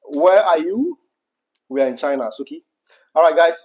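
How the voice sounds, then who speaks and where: A man's voice: fairly high pitch, animated, moderate pace, muffled recording. A Ghanaian man with a Ghanaian English accent, co-hosting a casual livestream chat, laughing often and slipping into Pidgin. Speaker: livestream co-host.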